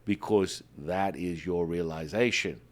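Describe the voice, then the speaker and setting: A man hosting a spiritual podcast in a casual, animated way, often calling listeners "baby.". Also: deep voice, measured pace. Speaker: podcast host.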